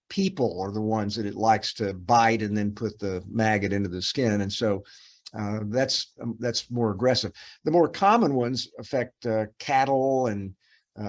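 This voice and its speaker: Man, middle-aged, dermatopathology teacher, rambling, fillers, quizzing tone. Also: medium pitch. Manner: rambling, many fillers and restarts, quizzing the student. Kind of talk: case review teaching.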